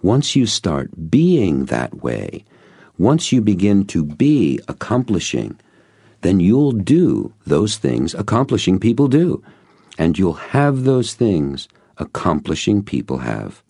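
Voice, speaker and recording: A man's voice: low voice, wildly swooping pitch, creaky, mellow, slightly rough, no room sound, clean studio sound, pitched above the performer's own voice, heavily acted. A man voicing an emphatic mentor coach. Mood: confiding. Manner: measured, emphatic teaching delivery. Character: patient male network marketing coach, mentor.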